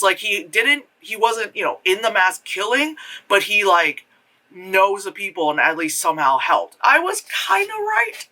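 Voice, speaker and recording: An animated movie reviewer rambles through a casual spoken film review at a moderate pace. Loose and profane, he is full of fillers and jumps into high voices when retelling reactions.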